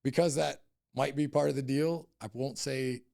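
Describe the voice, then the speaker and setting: A man's voice: mid-range voice, steady tone, moderate pace, vocal fry, darkish tone, no room sound, studio quality. A middle-aged man, a company boss on a podcast, telling a story bluntly and heatedly with heavy swearing. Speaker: cannabis company CEO, podcast guest. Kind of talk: casual interview storytelling.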